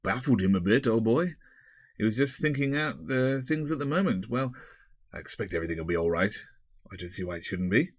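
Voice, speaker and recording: A man's voice: lowish voice, expressive, a little fast, no echo. A man voicing a disreputable, glib man who talks in an offhand, breezy way. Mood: rueful.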